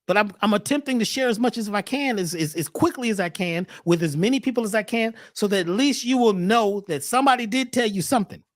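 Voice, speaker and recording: A man as a podcast guest talking casually in an animated, preachy way, often repeating words as he starts a thought. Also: sits high, fast talker, hardly any pauses, dry recording, clean studio sound.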